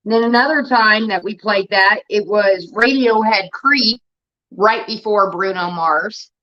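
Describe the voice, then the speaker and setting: A woman's voice: mid-range voice, unhurried. Blunt, foul-mouthed woman streamer, lo-fi. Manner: blunt, profane, confrontational. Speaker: livestreamer talking to chat. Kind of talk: casual livestream chat.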